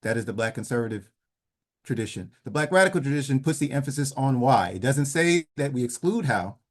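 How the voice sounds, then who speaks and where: A man giving a measured lecture over slides in an online session, trailing off softly at the ends of phrases. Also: medium pitch. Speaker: presenter leading an online session. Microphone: video call.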